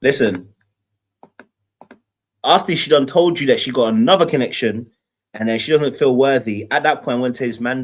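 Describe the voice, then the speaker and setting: A man giving animated dating-show commentary as a podcast co-host, mocking lines in put-on voices. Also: medium pitch, moderate pace, long pauses.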